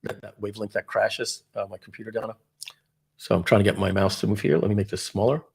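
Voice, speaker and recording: A man with a New York accent leads a live webinar over a video call, walking through software as he goes. His voice has a gravelly, creaky edge, and he talks in a chatty, think-aloud way. He gets excited as he shows off each tool. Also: fairly low pitch, fast talker. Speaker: webinar host.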